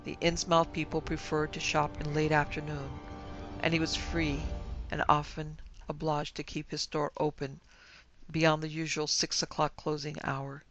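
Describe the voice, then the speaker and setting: Male narrator, horror reading, gravelly voice, fairly high, even and flat. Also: highs cut off, soft background music. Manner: measured, grave storytelling. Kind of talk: scripted horror story narration.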